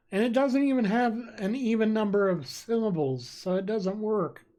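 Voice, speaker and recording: Chatting casually at a desk microphone, a live streamer reads viewers' jokes aloud and giggles at them often. The voice is medium in pitch and a little mellow.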